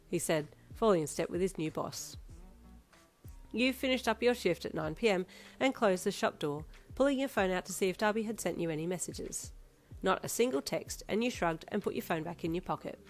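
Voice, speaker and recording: A woman narrating a fan fiction audio story in a steady, even read. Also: medium pitch, brisk. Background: faint instrumental music.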